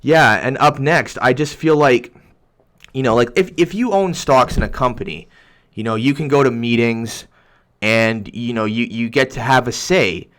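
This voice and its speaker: A man's voice: mid-range voice, moderate pace, fairly bright tone. A young man hosting a livestream, reading viewer comments aloud in a heated, rambling rant full of restarts. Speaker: YouTuber reading chat.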